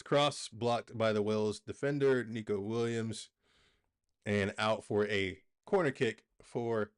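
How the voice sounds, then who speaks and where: A man hosting a live football watch-along, calling the play with excitable bursts and chatting casually to his viewers. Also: mid-range voice.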